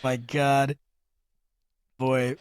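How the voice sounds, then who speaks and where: A man's voice: mid-range voice, flat delivery, smooth, no room sound, clean studio sound. A young man co-hosting a podcast in casual chat, joking, rambling and laughing easily. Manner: jokey, quick to laugh, loose rambling. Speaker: podcast co-host.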